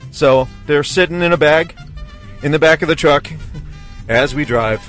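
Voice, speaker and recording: A man's voice: on the high side, moderate pace, a bit bright, faint music behind. A man hosting a food show, telling stories in an enthusiastic, chatty way. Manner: enthusiastic storytelling. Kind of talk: casual chat. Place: in a vehicle.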